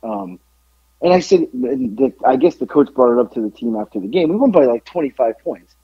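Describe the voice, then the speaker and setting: Man, podcast co-host, casual rambling storyteller, husky, dry close sound. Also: mid-range voice, lively intonation, a little fast, dry recording, lo-fi sound. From south side of Atlanta. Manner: rambling, lots of "like", swearing.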